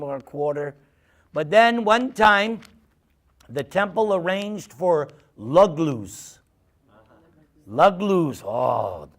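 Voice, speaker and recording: A man telling humorous stories to an audience and taking their questions in a casual talk. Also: fairly high pitch. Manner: humorous, animated storytelling. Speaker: speaker answering questions.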